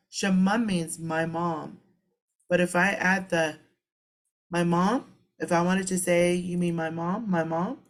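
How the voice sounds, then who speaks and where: A woman giving a relaxed spoken lesson, repeating each word slowly and patiently as a language teacher. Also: on the low side.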